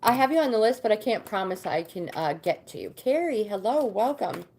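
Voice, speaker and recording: A woman hosting a casual live-stream tarot reading, reading card meanings aloud with pauses and fillers and greeting viewers by name. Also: mid-range voice, expressive, a little mellow. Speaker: tarot card reader and livestream host.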